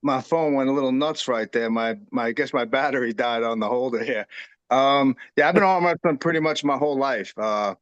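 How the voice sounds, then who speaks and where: A man's voice: medium pitch, brisk, dry recording, dull audio. A man from New York City, an event promoter, talking plainly about himself and stumbling now and then. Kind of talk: casual interview on a call.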